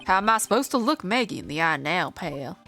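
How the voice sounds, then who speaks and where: A woman dropping her voice to play a gruff, hapless middle-aged detective. He mumbles in a low, mopey way, with faint music underneath. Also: very animated, a little fast, pushed and bright, full character voice.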